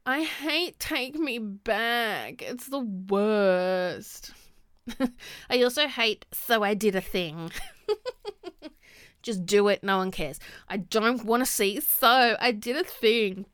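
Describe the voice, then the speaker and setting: A woman's voice: medium pitch, a bit bright, no echo, clean studio sound. A woman hosting a casual solo podcast, talking frankly, swearing and laughing often. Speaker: podcast host.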